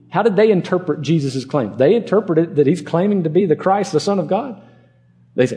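A man's voice: on the high side, animated, a little fast, mellow. A man preaching an expository sermon, earnest and emphatic, repeating words for stress. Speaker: pastor.

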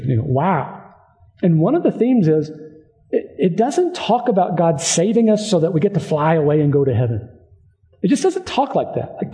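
A man's voice: sits high, dark tone. A man preaching a sermon as pastor, earnest and emphatic, repeating phrases for emphasis.

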